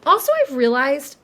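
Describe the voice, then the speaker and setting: A woman's voice: high voice, fairly bright tone. Chatty woman in her late twenties. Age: late 20s. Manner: chatty, self-described yapper, lots of likes and ums. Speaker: podcast co-host. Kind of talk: casual chat, storytelling.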